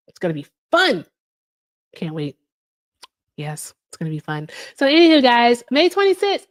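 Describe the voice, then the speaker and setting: Woman, livestream host, casual chat, fairly high voice, animated, chatty. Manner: chatty, animated, answers viewer comments.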